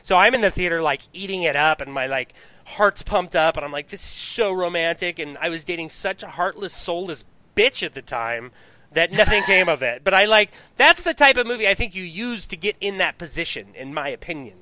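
A man's voice: high voice, expressive, brisk, pushed and bright, no room sound. A man hosting a podcast in a laid-back, filler-heavy way. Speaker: podcast host. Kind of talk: casual podcast chat.

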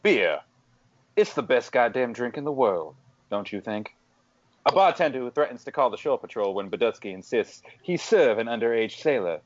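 A man putting on the voice of a menacing older tough guy, drawling slowly and dropping to quiet growls. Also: mid-range voice, expressive, muffled recording, natural voice.

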